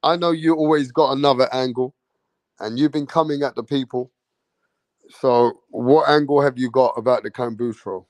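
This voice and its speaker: A man's voice: mid-range voice, fairly even intonation, moderate pace, a little mellow, no echo. Man hosting, goading and teasing. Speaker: show host. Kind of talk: casual live-stream chat.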